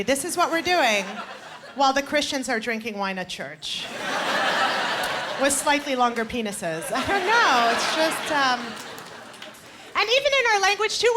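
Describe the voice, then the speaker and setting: A woman in her twenties performing stand-up comedy with punchy, playful crowd work on a live stage. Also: high voice. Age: 20s. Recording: live stage mic over loud crowd noise.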